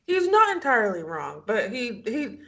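A woman co-hosting a casual podcast, retelling scenes from a show. She has a fairly high voice and her pitch moves a lot as she acts out what people said. She laughs often as she goes. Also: huge pitch swings, normal speed, pushed and bright. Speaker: podcast co-host recapping a reality show. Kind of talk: casual chat.

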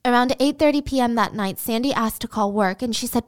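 A woman's voice: a little high, brisk, hardly any pauses. A woman retelling a true crime story in a casual, conversational way with personal asides.

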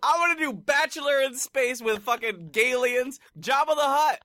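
A young man with a bright, ringing voice that swings widely up and down as he riffs in a campy, brash, profane way. He speaks close to the mic in a dry, dead room with no echo. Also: extremely high pitch, animated, moderate pace. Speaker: podcast co-host. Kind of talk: casual comedic chat.

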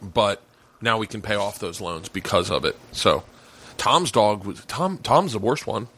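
A man's voice: on the low side, a little slow, breathy edge. A man hosting a podcast, chatting casually and telling stories with lots of swearing and acted-out quotes. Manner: animated storyteller, swears freely, acts out quotes loudly. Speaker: podcast host. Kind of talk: casual chat. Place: home mancave.

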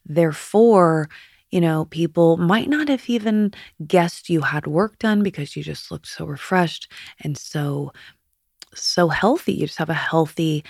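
A woman in her fifties hosting a podcast, chatty and confiding, with a slight lisp on her S sounds and soft whispered asides. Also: low voice, vocal fry, dry recording, studio quality. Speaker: podcast host. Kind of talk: candid personal monologue.

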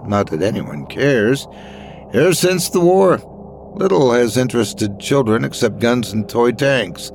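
A man voicing a sly, eccentric older gentleman with a Scottish accent, who talks in a theatrical, old-fashioned way. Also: mid-range voice. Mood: musing.

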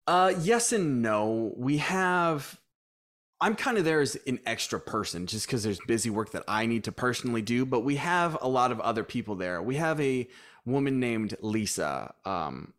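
Animated man telling gym stories. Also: mid-range voice. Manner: animated storyteller, acts out quoted dialogue. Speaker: gym owner guest. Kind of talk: casual interview talk.

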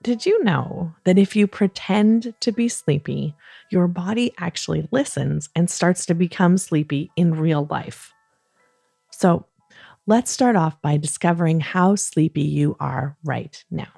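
A woman hosting a children's podcast, talking gently and soothingly at bedtime, coaxing listeners along with playful pretend yawns. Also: lowish voice, vocal fry, slightly rough, dry recording, studio quality, soft background music. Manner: soft, soothing and encouraging, with playful drawn-out yawns. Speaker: kids podcast host.

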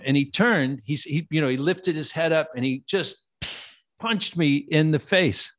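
A man in his sixties, a guest actor telling lively anecdotes in a podcast interview, acting out the voices of people in his story. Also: fairly high pitch, a little slow, slight background noise. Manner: animated anecdote teller, acts out quoted voices.

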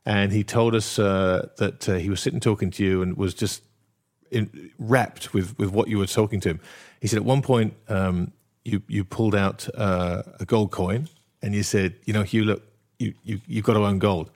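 A man hosting an interview, hesitant, with many pauses and restarts. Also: fairly low pitch, fairly even intonation, darkish tone. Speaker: interview host.

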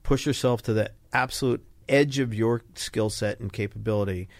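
A man's voice: on the low side, moderate pace, no echo. An older man, a retired fighter pilot, telling stories in a casual interview and acting out the people he quotes. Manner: animated storyteller, acts out quoted voices. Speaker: podcast guest, retired Navy fighter pilot.

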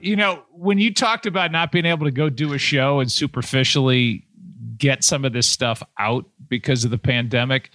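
A man's voice: mid-range voice, moderate pace, pushed and bright, soft background music. A man co-hosting a casual podcast, asking rambling, curious questions into a close mic. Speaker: podcast co-host.

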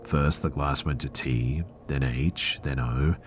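A man narrating listener stories for a horror podcast in a measured, earnest storytelling way. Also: a bass voice, steady tone, faint music behind.

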